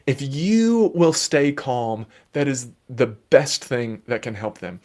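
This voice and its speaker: A man who works as a children's therapist, giving calm, explanatory and gently playful parenting advice in a live Q&A. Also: medium pitch.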